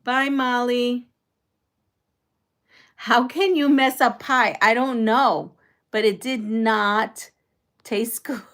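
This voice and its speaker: Unhurried woman chatting on a sewing stream. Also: on the high side, a bit bright. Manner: chatty, answers viewer comments and trivia questions as she works. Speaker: quilting channel host. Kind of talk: casual live-stream chat while sewing.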